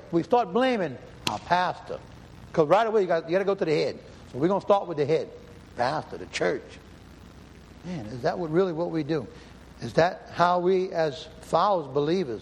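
A man preaching in a fairly high voice, his words ringing out with a long echo of a hall. He reads scripture and presses his listeners with questions, repeating himself for emphasis. A faint hum of the room sits underneath. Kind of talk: sermon with scripture reading. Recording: hall reverb, faint ambience.

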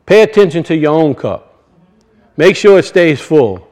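High-voiced preacher. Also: male voice, big pitch swings, measured pace, darkish tone, rough recording. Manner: folksy storytelling, rising to emphatic scripture reading. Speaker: pastor. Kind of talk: sermon.

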